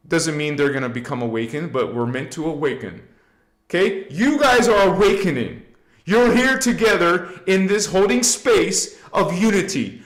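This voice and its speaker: A man leads a live spiritual teaching in an unhurried, drawn-out way. His voice sits a little high for a man. He repeats key phrases for emphasis and throws in casual slang, and the room around him rings with echo. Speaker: spiritual livestream host.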